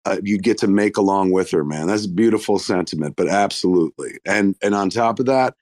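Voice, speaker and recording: A man speaking in a low register, gushing and swearing freely as a guest in casual chat. He talks in bursts full of restarts. The mic is close and dry, with no room around him. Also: fairly quick, darkish tone, no room sound. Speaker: guest filmmaker on a live audio stage.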